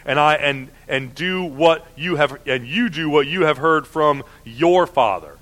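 A man's voice: fairly high pitch, a little slow, hardly any pauses, a bit bright. A man preaching a sermon in a conversational way, often acting out the voices of objectors. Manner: conversational, with frequent fillers and mock voices of objectors.

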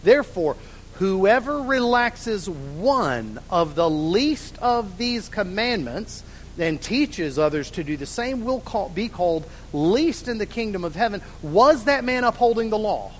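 A drawling man with a high voice teaches a Bible study class at a measured pace, his pitch swinging widely. As the Bible teacher, he asks questions, waits, then answers them himself, while long hall reverb rings over a faint low rumble.

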